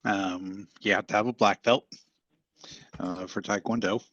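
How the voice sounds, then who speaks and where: A man's voice: on the low side, fairly even intonation, unhurried, fairly bright tone, no echo. A man who coaches taekwondo, answering interview questions in an easygoing, rambling way with lots of fillers, heard over a video call. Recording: dull lo-fi call audio.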